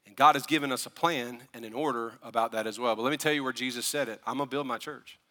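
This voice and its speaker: A man preaching a sermon as pastor, animated and building to fired-up preaching with asides to the congregation. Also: medium pitch, fast talker, in a large hall. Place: church sanctuary.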